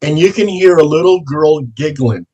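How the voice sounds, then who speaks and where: A man who investigates the paranormal, telling ghost stories slowly and dramatically as an interview guest. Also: fairly high pitch, lively intonation, dark tone, breathy edge, dull audio. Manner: slow, dramatic storytelling with drawn-out words. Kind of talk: storytelling in an interview.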